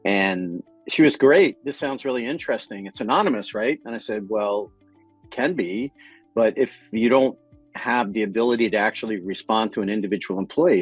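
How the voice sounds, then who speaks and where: A man with a husky, slightly breathy voice talks through workplace stories on a podcast he co-hosts. His manner is loose and animated, and he slips into quoted voices as he goes, over faint background music. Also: fairly low pitch, dry recording. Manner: animated storyteller, acts out quotes, swears casually. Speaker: podcast co-host. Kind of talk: casual business chat.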